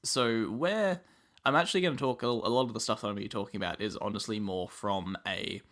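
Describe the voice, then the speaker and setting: A man's voice: on the low side, fast, a bit bright. An Australian man hosting a podcast, explaining at length in a casual way with plenty of "um"s. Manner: explains at length with many ums. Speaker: podcast host.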